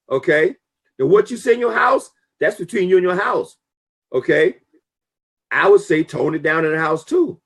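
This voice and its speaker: Gravelly, husky man giving emphatic business advice. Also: high voice, normal speed. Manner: emphatic, preachy, lively storytelling. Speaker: network marketing talk show guest. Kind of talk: casual motivational talk.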